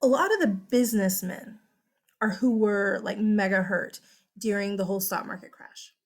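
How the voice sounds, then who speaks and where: A young woman with a Texan accent, teaching a recorded history lesson in a chatty, animated, exclamatory way. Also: mid-range voice, normal speed.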